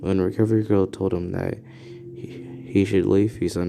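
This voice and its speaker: A man casually narrating an improvised fan story, halting and restarting often. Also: low-pitched, level tone, creaky, warm tone, soft background music.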